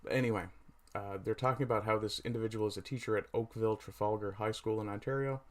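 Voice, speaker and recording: A man with a low, steady voice hosts a casual livestream from home, talking loosely to his chat and reading their messages aloud. He sounds hesitant, pausing often and filling the gaps with ums and uhs. His mic sits right under his chin.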